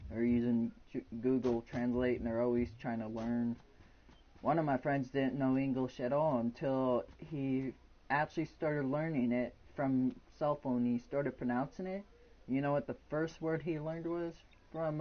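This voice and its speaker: A man's voice: mid-range voice, dull audio. A man in his twenties chatting casually and frankly from his bedroom during a live game stream. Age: 20s. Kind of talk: casual rambling chat.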